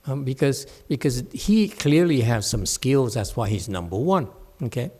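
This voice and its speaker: A man's voice: medium pitch, very animated, normal speed, few pauses, darkish tone. A man giving a meditation dharma talk to a class, conversational and playful, checking in often with "okay?". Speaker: meditation teacher.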